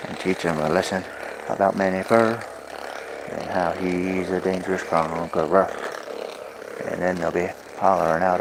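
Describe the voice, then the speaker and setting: Deep flat-voiced man rhyming to his dogs. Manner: playful rhymes, coaxing commands to pets. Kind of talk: rhyming singsong patter while massaging dogs. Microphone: phone microphone on a stream. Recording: clear background noise.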